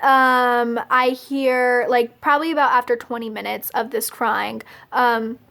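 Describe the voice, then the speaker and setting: Girl in her late teens or twenties talking to her camera, high pitched, rambly, says like constantly. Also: level tone, unhurried, gravelly, a bit bright. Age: young adult. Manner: fills nearly every phrase with "like"; chatty, confessional, laughs between lines. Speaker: vlogger. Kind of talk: casual storytelling to camera.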